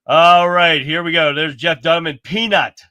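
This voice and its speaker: Picture a chatty man hosting his own livestream, talking in a loose, folksy way straight to his viewers. His voice sits a little high and sounds bright and forceful. It is close and dry, with no room sound. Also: steady tone, normal speed, dry recording, highs cut off. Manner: chatty and folksy, keeps calling the audience guys. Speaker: livestream host. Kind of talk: casual livestream chat.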